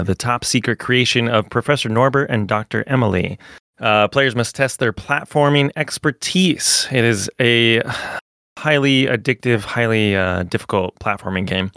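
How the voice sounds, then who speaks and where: A man's voice: medium pitch, normal speed, fairly bright tone, no room sound, studio quality. A man on a podcast, reviewing a game in a loose, casual way with lots of "uh" fillers. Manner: loose, filler-heavy, "uh" between phrases.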